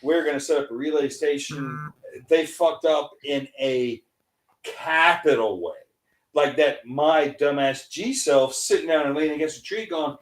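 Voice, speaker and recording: A man hosting a podcast, telling a crude army story in a profane, animated way. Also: a little high, unhurried, echoey room, rough recording. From United States. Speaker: podcast host. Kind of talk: casual podcast chat, storytelling.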